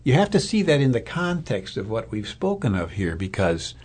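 Husky-voiced man giving a sermon. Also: medium pitch, big pitch swings, normal speed, darkish tone. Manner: conversational, thoughtful with fillers and restarts. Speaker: Lutheran pastor or Bible teacher.

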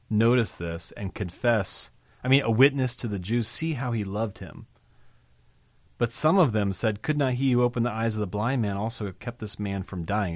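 Man, preacher, sermon, rhetorical questions, lowish voice, dry close sound. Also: no echo. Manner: animated, rhetorical questions, swings between loud and soft.

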